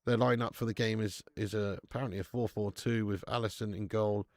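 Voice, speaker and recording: A man's voice: lowish voice, fairly even intonation, brisk, darkish tone, no room sound, studio quality. A man hosting a live football watch-along, chatting casually, bantering with viewers and swearing now and then.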